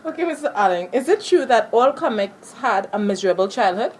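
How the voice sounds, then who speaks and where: A woman's voice: a little high, animated, brisk, slight background noise. A woman interviewing for a school project, reading out set questions.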